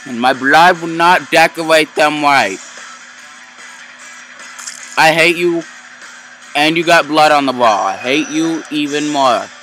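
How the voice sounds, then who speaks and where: A man's voice: fairly high pitch, slow, pauses often, sharp tone, faint music behind, poor audio. A man commenting casually on a game he is playing, ranting in frustration and exaggerating his complaints. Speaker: gamer.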